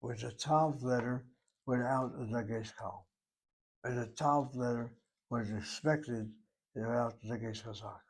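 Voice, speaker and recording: A man of middle pitch gives a Hebrew grammar lesson. He works patiently through each syllable and spelling, reasoning aloud like a teacher at a whiteboard. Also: steady tone, measured pace, slightly rough. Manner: methodical, talks through each step aloud. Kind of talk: grammar lecture.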